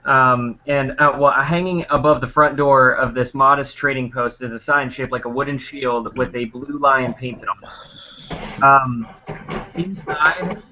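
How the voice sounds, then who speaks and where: A man runs a tabletop game as dungeon master, describing scenes in a rambling way full of ums and you-knows. His voice is bright, and the recording is dull and lo-fi. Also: medium pitch, slight background noise. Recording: dull lo-fi sound.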